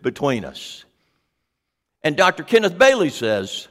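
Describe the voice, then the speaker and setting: High lively-voiced guy preaching slow and deliberate, long church-hall echo on him. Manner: animated, asks the congregation questions. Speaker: pastor. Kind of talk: sermon.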